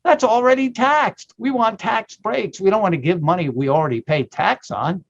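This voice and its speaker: A man's voice: animated, normal speed, vocal fry. Emphatic man explaining tax rules, lo-fi. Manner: emphatic, punchy, jumps into a mock infomercial pitch. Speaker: retirement account tax expert guest.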